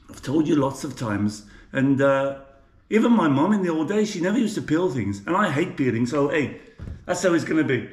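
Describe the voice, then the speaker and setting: A man's voice: on the high side, darkish tone. A man with a Birmingham accent chatting casually as he cooks for his vlog, jokey and rambling, filmed on a GoPro in a kitchen. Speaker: cooking vlogger. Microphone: GoPro camera. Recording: echoey room.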